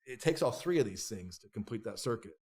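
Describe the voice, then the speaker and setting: A man telling stories as a podcast guest, animated and profane, acting out what others said in bursts. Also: fairly low pitch, fairly quick, background noise. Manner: animated, profane, acts out quoted voices. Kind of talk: casual interview storytelling.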